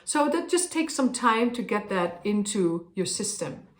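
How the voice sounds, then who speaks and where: A woman's voice: mid-range voice, very animated, unhurried. A woman opera singer thoughtfully explaining how she prepares a role, with frequent fillers. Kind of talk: explaining her craft to camera. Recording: roomy echo.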